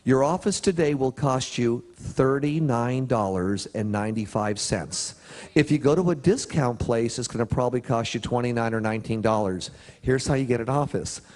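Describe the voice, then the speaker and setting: A man speaking at a motivational seminar, telling a story with lively swings in pitch and pauses for emphasis. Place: prison chapel or hall.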